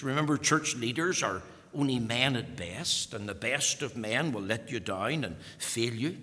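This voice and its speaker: A man preaching a sermon, emphatic and repetitive, his voice swelling to loud peaks and falling back. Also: medium pitch, animated, unhurried, few pauses. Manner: emphatic, repeating phrases, rising to loud peaks. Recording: long hall reverb.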